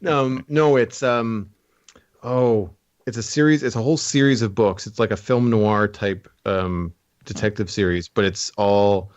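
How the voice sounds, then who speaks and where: A man's voice: lowish voice, fairly even intonation, a little slow, lo-fi sound. A man hosting a podcast, rambling and thinking aloud with a lot of filler words. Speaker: podcast host. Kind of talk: casual podcast chat.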